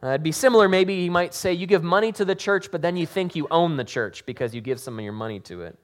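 Man preaching with sudden shouted woes. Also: a little high, lively intonation, fast. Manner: dramatic scripture reading with shouted emphasis, then casual joking explanation. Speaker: pastor. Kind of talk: sermon.

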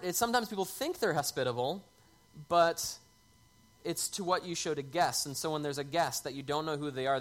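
A man's voice: mid-range voice, fairly bright tone. A man preaching a sermon in a conversational way, lifting his voice on key words. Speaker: pastor.

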